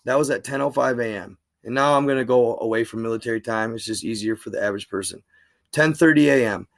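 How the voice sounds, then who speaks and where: A man's voice: medium pitch, fairly even intonation, quick pace, gravelly, no room sound, clean studio sound. A man reading a diary aloud as a channel host, breaking off for casual spoken commentary. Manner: alternates careful reading with chatty asides.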